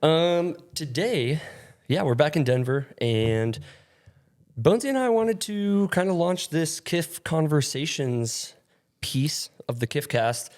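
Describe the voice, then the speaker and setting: A man's voice: fairly high pitch, big pitch swings, takes it slowly, a little mellow. Nasally young man chatting on a podcast. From upstate New York. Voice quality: nasally, congested from allergies. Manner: rambling, laughing, filler-heavy. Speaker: podcast co-host. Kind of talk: casual chat. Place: rented studio.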